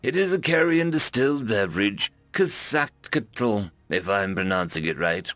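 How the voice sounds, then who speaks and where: A man voicing a calm, caring furry alien woman who is an ambassador, speaking slowly and soothingly. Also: fairly low pitch, dry recording, faint music behind. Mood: gentle.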